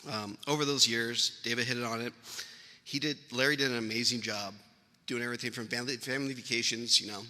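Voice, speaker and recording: Bright-voiced man giving a eulogy. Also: medium pitch, fairly even intonation, fast talker, long reverb tail. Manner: rambling, anecdotal, with chuckles. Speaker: family member giving a eulogy. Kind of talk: funeral eulogy storytelling. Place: funeral venue hall.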